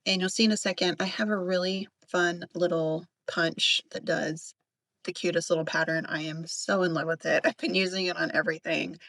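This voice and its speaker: A woman with a Southern accent walks through a craft project in a relaxed, chatty voice-over, full of gushing asides and small fillers. Her voice sits a little low, recorded close and dry with no room around it. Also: normal speed, gravelly, no echo. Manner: chatty and enthusiastic, many fillers. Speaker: craft tutorial host.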